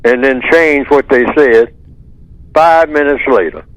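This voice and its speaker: A man's voice: mid-range voice, measured pace, no echo. A man speaking as a guest on a talk radio show, emphatic and repeating his points with rhetorical questions. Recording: dull lo-fi line, dry.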